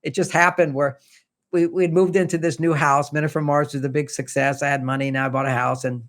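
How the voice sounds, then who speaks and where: A man's voice: on the high side, flat delivery, fairly quick. An older man, a relationship author who is a podcast guest, tells stories in a conversational way and acts out the lines of the people in them. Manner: anecdotal, acts out quoted dialogue. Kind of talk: conversational storytelling.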